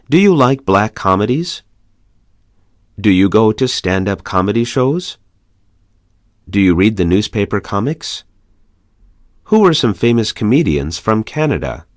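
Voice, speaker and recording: A man reading English practice questions one by one for a language course, measured and clear. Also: on the low side, no echo, studio quality.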